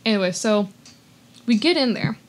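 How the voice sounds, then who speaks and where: A woman's voice: mid-range voice, moderate pace. A woman telling a story in a casual podcast chat, full of likes and restarts and acting out what people said. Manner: animated, many likes and restarts, acts out quotes.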